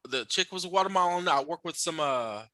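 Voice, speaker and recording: Male podcast host, high bright voice, dry close sound, profane rambling storyteller. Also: expressive, a little fast, no echo. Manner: profane, rambling, with frequent restarts and fillers. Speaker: podcast host interviewing a guest.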